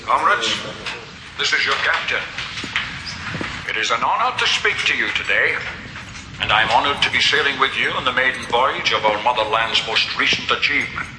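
Film clip: a man as a stern Scottish-accented sub captain rallying his crew, mid pitch, roomy, heavy machine hum. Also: lively intonation, lightly acted. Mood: grave, rousing. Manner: commanding, measured, grave. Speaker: actor in a film scene. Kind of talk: film dialogue, rousing speech.

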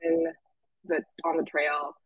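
A young woman tells a camp story in an easygoing, chatty way, leaning on fillers and acting out what people said. Her voice has a slight gravelly fry. The sound is dry and close, with no room echo. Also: low-pitched, slow, narrow, tinny audio. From Washington State. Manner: chatty, lots of "like" fillers, lively quoting. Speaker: camp staff guest. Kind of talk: casual storytelling.

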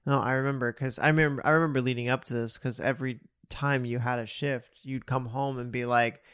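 A woman with a very low voice chimes in on a casual podcast. She listens closely, adds quick agreeing remarks, and laughs along, recorded close and dry. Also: steady tone, clear, resonant tone, no room sound. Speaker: podcast co-host. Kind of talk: casual chat.

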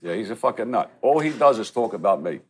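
His voice is on the low side, expressive and quick, with a breathy edge. This middle-aged man co-hosts a podcast and, over a casual restaurant chat, tells blunt, profane stories in street-style talk.

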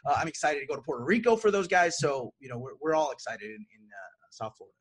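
A man, a wrestling promoter from Brazil, talking in a casual podcast chat, upbeat but halting with fillers. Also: a little high, slightly rough. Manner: energetic, joking, then halting with fillers.

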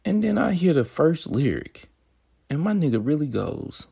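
A man's voice: a little high, big pitch swings, moderate pace, vocal fry, dark tone, slightly rough. A young man hosting a podcast, talking in a rambling, swaggering, profane monologue, with crude jokes and mock-lecture asides. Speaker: podcast host.

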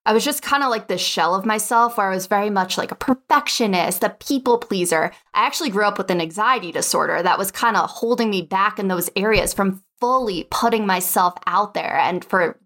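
A woman's voice: medium pitch, a little fast, a bit bright. A young adult woman, a podcast guest, telling her story in a casual interview and acting out her own past dialogue.

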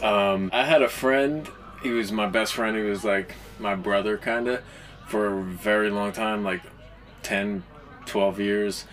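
A young man telling a personal confession in a halting, casual way, with many fillers and restarts. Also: fairly low pitch, fairly bright tone. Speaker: caller confessing a story.

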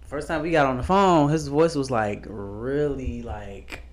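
Soft-spoken guy in his 20s rambling on a podcast, lots of likes and ums. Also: mid-range voice, measured pace. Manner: rambling, full of "like" fillers. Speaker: podcast co-host. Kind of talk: casual podcast chat.

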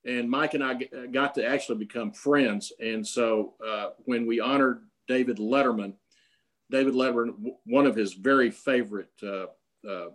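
A man's voice: medium pitch, moderate pace. An older man telling long personal stories in a casual, rambling way, full of fillers and restarts. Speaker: guest storyteller.

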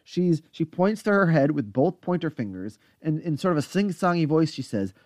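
On a podcast, a man casually talks through a TV episode recap at normal speed, his pitch jumping around with lively energy. His voice is a touch higher than typical for a man, captured close and dry with no room around him.

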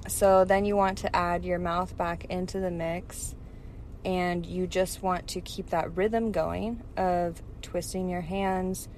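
A woman co-hosting a casual chat, calmly explaining a technique step by step with frequent ums. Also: lowish voice, takes it slowly, slight background noise. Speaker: podcast co-host giving advice. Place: parked car.

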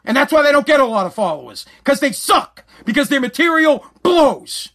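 A man's voice: very high voice, sing-song, moderate pace, a bit bright. A man hosting a solo podcast, ranting in a profane, agitated way and stammering often. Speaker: podcast host.

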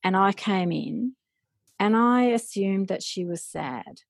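A woman, a parent guest talking casually and haltingly, with many fillers. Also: medium pitch, animated, creaky, dry recording. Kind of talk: casual chat.

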